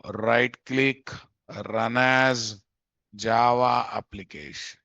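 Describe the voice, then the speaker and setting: A man's voice: medium pitch, steady tone, drawn-out words, pushed and bright, no echo. A man teaching a live coding lesson. He thinks aloud, repeats phrases, and keeps checking in with "guys?". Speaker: programming instructor. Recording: dull, dry lo-fi mic audio.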